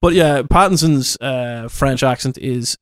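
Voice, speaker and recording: A man's voice: mid-range voice, a little slow, no echo. Rambling man, dry close sound. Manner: rambling, restarts often, laughs easily. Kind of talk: casual podcast film discussion.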